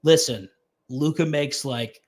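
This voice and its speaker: A young man co-hosting a sports betting show, relaxed and swearing in casual chat. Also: fairly high pitch, slow pace. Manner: laid-back, swearing, laughs easily. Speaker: sports betting podcast co-host.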